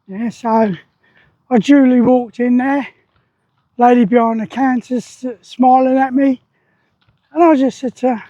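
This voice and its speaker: A man in his sixties talks in a rambling, plain-spoken way, with a strikingly high voice. His tone is soft and mellow. The sound is dry and a little dull and muffled, recorded outdoors. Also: steady tone, measured pace, pauses often, dry recording. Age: 60s. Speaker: army veteran vlogger. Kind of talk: casual spoken vlog. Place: outdoors beside a loud weir.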